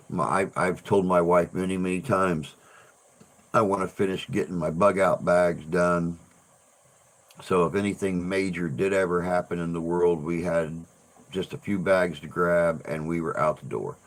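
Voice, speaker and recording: A man hosting a casual livestream chat, rambling and restarting his sentences, with the odd swear word. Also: low voice. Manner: rambling, repeats words, swears. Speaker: livestream host.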